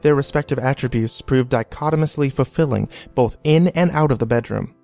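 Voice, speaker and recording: A man's voice: medium pitch, brisk, creaky, a little mellow. Man narrating a horror story. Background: faint background music.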